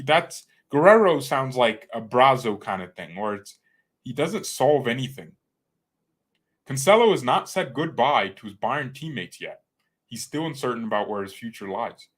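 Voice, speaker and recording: A man's voice: medium pitch, normal speed. A man hosting a fan channel in casual, rambling live-stream chat, joking around and slipping into playful put-on accents. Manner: chatty and excitable, addresses viewers as guys and bro.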